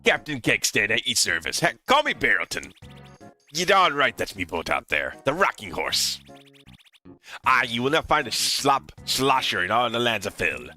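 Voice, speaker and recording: A man's voice: mid-range voice, big pitch swings, moderate pace, pushed and bright, faint music behind. A man voicing a boisterous, drunk male pirate sea captain in a put-on pirate brogue, rolling his words and slurring them. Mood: hearty.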